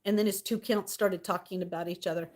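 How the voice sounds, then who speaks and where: A woman's voice: mid-range voice, fairly even intonation, quick pace, darkish tone. A young woman streaming live, chatting casually with her viewers, laughing often and greeting them by name. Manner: giggly, laughs often, reads out chat names. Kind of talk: casual livestream chat with viewers.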